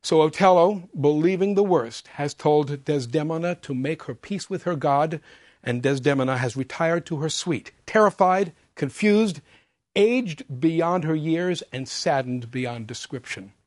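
Expressive man explaining opera, dry sound. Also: a little high, unhurried, no echo. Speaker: opera lecturer. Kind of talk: scripted explanatory talk.

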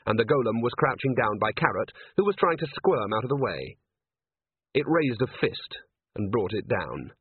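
A man narrating an audiobook in a lively, expressive manner. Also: mid-range voice, moderate pace, husky, dry recording. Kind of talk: audiobook reading. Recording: tinny phone-like sound, dry.

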